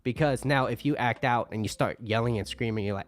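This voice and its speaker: A man's voice: mid-range voice, fairly quick, faint music behind. A man talking through relationship advice in a loose, conversational way, often ending lines with "right?". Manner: acts out angry customers in mock voices. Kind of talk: casual advice monologue.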